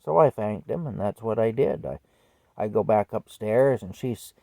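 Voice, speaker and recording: A man telling a personal story from his childhood in a conversational, reflective way, with soft laughs here and there. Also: on the low side, expressive, normal speed, gravelly, no room sound.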